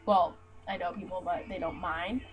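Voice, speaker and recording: A young woman venting to her camera in a blunt, profane, animated way, telling a story to her viewers. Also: fairly low pitch, normal speed, low-quality recording. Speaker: vlogger.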